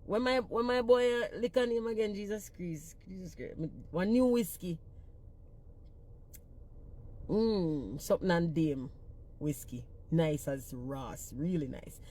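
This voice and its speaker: Her voice sits on the low side, mellow and a little slow. She's a singer-songwriter with a thick Jamaican Patois accent, ranting with blunt profanity in a casual social media talk.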